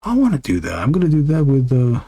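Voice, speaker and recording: A man's voice: medium pitch, wildly swooping pitch, quick pace, dark tone, no room sound. A man, an illustrator, chatting casually and meandering while he draws on a stream. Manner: meandering, lots of fillers and restarts. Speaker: illustrator streaming his drawing. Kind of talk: casual rambling chat.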